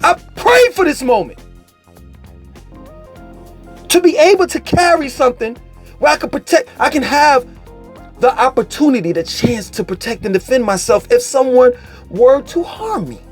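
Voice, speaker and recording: A man vlogging a casual commentary rant, animated, profane and mocking in tone. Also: very high voice, normal speed, husky, faint music behind.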